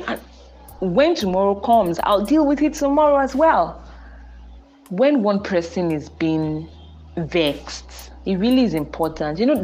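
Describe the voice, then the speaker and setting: A woman's voice: mid-range voice, darkish tone. A young Nigerian woman hosting a podcast, speaking in an earnest, preachy way with emphatic repetition about faith and marriage. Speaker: podcast host. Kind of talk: casual monologue on faith and marriage.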